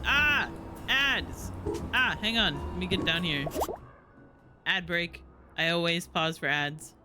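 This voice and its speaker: A man's voice: fairly high pitch, steady tone, measured pace. A man streaming a game, chatting casually in a rambling, giggly way with lots of fillers and restarts. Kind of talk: casual chat while playing a game. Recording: music playing in the background.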